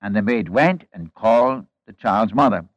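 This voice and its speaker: A man's voice: lowish voice, lively intonation, moderate pace, no room sound, lo-fi sound. A man preaching a sermon, retelling a Bible story in an earnest, folksy way with rhetorical questions and asides to the congregation.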